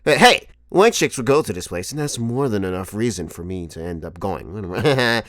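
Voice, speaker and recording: A man in his twenties telling a comic story to camera as a vlogger, animated and profane, often laughing. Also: on the low side, moderate pace, no room sound, studio quality. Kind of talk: comedic storytelling monologue.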